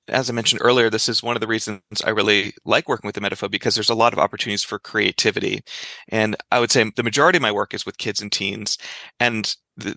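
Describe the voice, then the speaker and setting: A man speaking as a clinical psychologist guest in a conversational interview, explaining in a lively way and giving examples. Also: on the low side, no echo.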